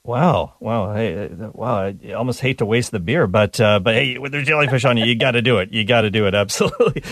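A man's voice: lowish voice, brisk, fairly bright tone, dry recording. A man from Canada hosting a live radio call-in show, upbeat and joking with his callers.

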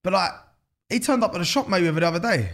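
A man's voice: high voice, expressive, fast talker, fairly bright tone. A man with a London accent, a guest in an interview, talking loosely with lots of slang, fillers and swearing. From England. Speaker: guest, business founder. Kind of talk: casual interview chat.

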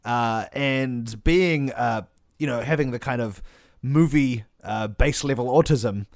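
A man co-hosting a comedy podcast, spinning an absurd story in a dry, deadpan way. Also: medium pitch, slow pace, no room sound.

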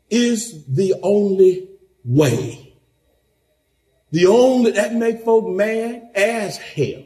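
A male pastor preaching a sermon, building from steady teaching to shouted emphasis. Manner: preaching with big pitch swings, rising to shouts.

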